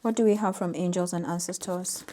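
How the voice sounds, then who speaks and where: Female tarot reader, soft-spoken, warm mellow tone, gentle emphasis on card meanings. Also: lowish voice, steady tone, a little fast, a little hiss or hum. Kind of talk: intuitive tarot reading to camera.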